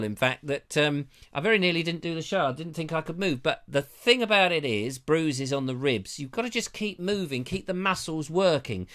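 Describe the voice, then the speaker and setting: A man's voice: on the high side, a bit bright. A man from hosting a live show, rambling in a chatty, self-mocking way with a slightly dry throat. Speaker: show host. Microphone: lapel mic.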